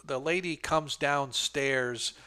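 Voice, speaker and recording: A man's voice: medium pitch, slow pace, pushed and bright, smooth. A man narrating a tabletop game as game master on a livestream, rambling and hesitant with many fillers.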